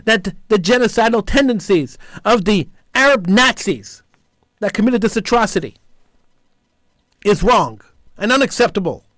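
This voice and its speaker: A man's voice: high-pitched, lively intonation, moderate pace, a bit bright, dry recording, studio quality. A man hosting a call-in talk radio show, delivering an impassioned, indignant monologue and repeating phrases for emphasis.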